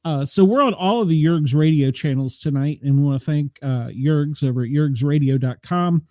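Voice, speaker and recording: A man's voice: fairly high pitch, normal speed, dark tone, no room sound, studio quality. A man hosting a live radio podcast, talking loosely and rambling, laughing often. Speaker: podcast host. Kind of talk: casual live radio chat.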